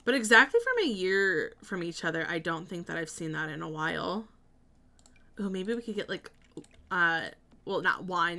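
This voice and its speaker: A woman's voice: fairly low pitch, sharp tone. A woman streamer chatting casually while building in a game, thinking aloud and answering her chat.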